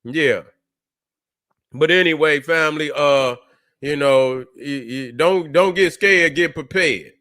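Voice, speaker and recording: A man's voice: on the high side, measured pace, pushed and bright. A man hosting a casual reaction vlog, telling a rambling, profane story straight to his viewers. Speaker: channel host.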